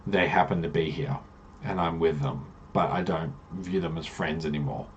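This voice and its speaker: A man's voice: rumbling low, moderate pace, lo-fi sound, slight background noise. Xurian, a man voicing a cold, embittered healer. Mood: detached. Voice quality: cold, blunt, cynical. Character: bitter, self-serving adult male healer, detached.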